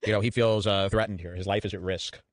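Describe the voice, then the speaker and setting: A man's voice: fairly low pitch, fairly even intonation, fast talker, background noise. A man hosting a podcast, telling a story in a rambling, sarcastic way over clips. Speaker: podcast host. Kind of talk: casual podcast commentary.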